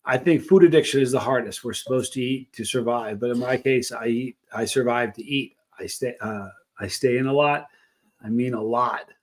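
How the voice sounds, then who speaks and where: A man's voice: medium pitch, normal speed. A man hosting a casual chat, speaking earnestly and sympathetically. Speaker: host.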